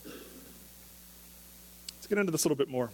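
A man's voice: fairly high pitch, animated, fairly quick, big-room sound. A man preaching a sermon as pastor, talking in a conversational way and asking the listeners question after question.

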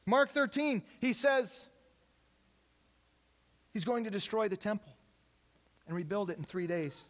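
A man's voice: high voice, a little slow. A man preaching a sermon, retelling stories with humor and acting out the quotes. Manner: lively storytelling, acts out quotes with humor. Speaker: pastor.

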